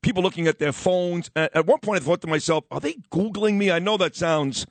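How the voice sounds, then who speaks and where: A middle-aged man hosts a radio show, spinning stories and sports takes in a lively, wisecracking way. His voice sits a bit high. The studio sound is dry and close. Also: fairly quick, no room sound. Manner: animated, wisecracking, acts out others in quoted voices. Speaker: radio host. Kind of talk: casual storytelling and sports talk.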